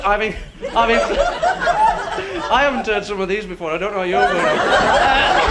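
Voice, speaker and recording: A male stand-up comic tells his joke in a rambling, stumbling way and keeps cracking up at it. His voice sits high and swings all over the place. The old TV stage recording is very noisy. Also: huge pitch swings, takes it slowly, long pauses. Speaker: stand-up comedian. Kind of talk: stand-up routine.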